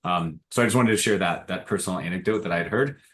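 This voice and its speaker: A man's voice: sits low, fast talker, a bit bright, a little hiss or hum. A man hosting a business podcast, talking casually and using plenty of filler phrases as he chats with his guest. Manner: casual, uses fillers like "you know". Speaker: podcast host. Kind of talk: conversational interview.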